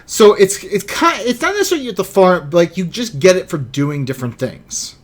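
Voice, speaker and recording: A man's voice: high voice, very animated, fairly quick. A man co-hosting a podcast in casual chat, laughing often and restarting his sentences. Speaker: podcast co-host.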